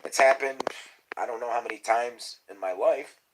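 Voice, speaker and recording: A man rambling on a casual livestream, swearing freely and drifting into conspiracy talk and quiet mumbled asides. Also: mid-range voice, moderate pace, background noise. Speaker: livestream host.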